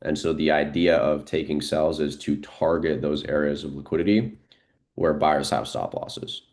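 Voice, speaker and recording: A man streams live trading, giving unscripted market commentary as he thinks aloud in a relaxed way, using lots of fillers. His voice is very deep and his pace moderate.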